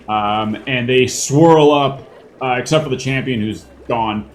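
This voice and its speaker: A man's voice: mid-range voice, measured pace. A man narrating a tabletop game as game master, rambling with many fillers and casual swearing.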